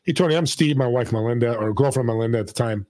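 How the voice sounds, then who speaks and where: A man of middle pitch tells stories in a relaxed podcast conversation, slipping into the voices of the people he quotes. His voice sits close and dry, with no room around it. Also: quick pace, no echo. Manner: animated storyteller acting out quoted voices. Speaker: podcast host and guest. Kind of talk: storytelling in casual conversation.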